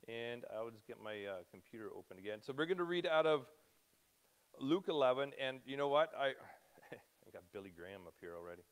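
A man's voice: medium pitch, lively intonation, brisk, clear, resonant tone. A man in his fifties speaking to a congregation in a loose, chatty way. He jumps between thoughts, restarts sentences and sounds close to tears at times. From Canada. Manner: rambling, self-interrupting, emotional. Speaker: preacher. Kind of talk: informal church talk.

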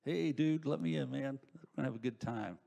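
A pastor voicing the devil as a laid-back, friendly dude who coaxes his way in with slang and flattery during a sermon. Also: medium pitch, fairly quick, gravelly, big-room sound. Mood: coaxing. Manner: slangy, coaxing, overly chummy. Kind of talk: sermon illustration.

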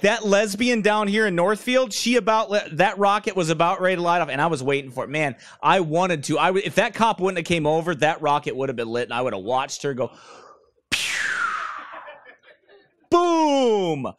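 A man delivers a sermon while seated in a church room, his high voice quick and lively with few pauses and a fairly bright tone. He's blunt and mocking, drifting into stories and putting on voices for the people he quotes. The audio is clean studio sound with no room noise.

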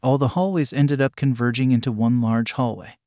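A man narrating fan fiction in a steady reading voice, swearing freely along the way. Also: mid-range voice, normal speed, dry recording, clean studio sound.

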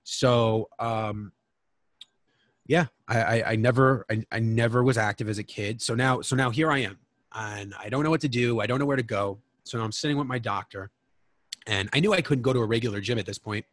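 A man speaks as a guest on a podcast, recounting his own story in a frank, emotional way and swearing freely. His voice sits at an ordinary middle pitch. The sound is close and dry, with no room echo. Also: fairly even intonation, brisk. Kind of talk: candid personal storytelling.

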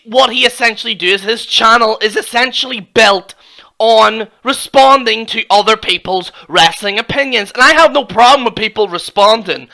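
Lively, bright-voiced Irish man ranting. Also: high-pitched. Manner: mocking, profane, excitable. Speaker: wrestling YouTuber. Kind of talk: reaction rant.

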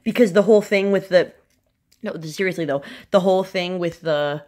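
A woman in a casual unboxing vlog, excitable and gushing, her voice swinging up into squealing highs. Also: moderate pace. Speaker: vlogger unboxing a fan subscription crate.

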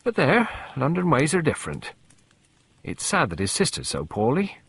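A man voicing a chatty, old-fashioned female cook who rambles fondly about the old ways, in a husky voice. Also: a little high, huge pitch swings, normal speed, pitched above the performer's own voice, exaggerated voice.

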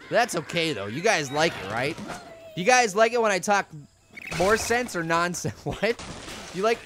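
A young man hosting a let's play video, rambling goofily and breaking into loud yells, recorded at home. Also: high voice, expressive, normal speed, slight background noise. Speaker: gaming channel host. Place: home room.

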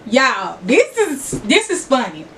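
High-voiced, giggly woman with a Memphis accent. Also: huge pitch swings, slow pace, far from the mic. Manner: chatty, giggly, talks straight to viewers. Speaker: vlogger. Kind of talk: casual get-to-know-me chat.

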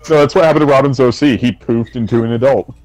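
A man's voice: mid-range voice, fast, a little mellow, no room sound, poor audio. A man hosting a gameplay stream, chatting casually and explaining things at length. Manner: rambling, explains with lots of fillers. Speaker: host. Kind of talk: casual chat while gaming.

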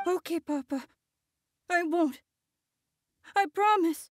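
A woman's voice: extremely high pitch, slow. A woman voicing a confused, frightened young boy in a game. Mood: obedient. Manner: timid, frightened. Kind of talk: game voice acting.

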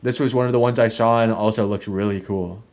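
This gaming host's voice is lowish, darkish, and steady in tone, and he talks fairly quickly with game music behind him. His casual commentary rambles, he swears a lot, fills gaps with "like," and laughs often mid-sentence.

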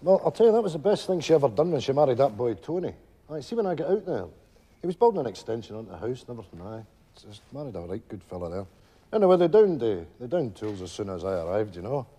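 An old Glasgow widower. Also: male voice, medium pitch, very animated, quick pace, mellow. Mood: wistful storytelling. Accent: Glaswegian Scottish. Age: older. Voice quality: husky, rambling with many "you know" asides. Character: old widowed Glasgow pensioner, gentle and rambling. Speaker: stage character telling a story to friends. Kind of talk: stage comedy monologue.

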